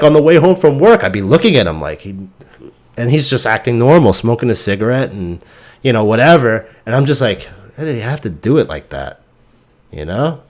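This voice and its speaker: A man hosting a crypto stream, telling stories in a casual, rambling and profane way, ranting and sounding exasperated. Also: mid-range voice. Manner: profane, animated storytelling.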